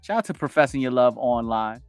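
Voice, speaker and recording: A man's voice: medium pitch, fairly quick, smooth, dry recording, faint music behind. A man in his forties hosting a casual livestream, greeting viewers by name and reading their comments aloud with lots of energy. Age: 40s. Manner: animated, reads chat comments aloud, hypes viewers up. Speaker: livestream host. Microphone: home streaming setup with wired connection.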